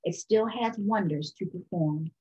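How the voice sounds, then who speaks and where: A woman's voice: on the low side, measured pace, muffled recording. Woman reading a children's story aloud. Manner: calm, expressive storytelling. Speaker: storytime reader.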